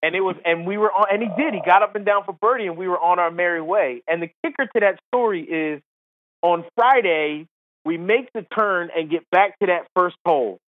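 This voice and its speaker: A man, a golf commentator and former caddie, telling a comic story in an animated, quick way, laughing between lines. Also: sits high. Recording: phone-like line, dry.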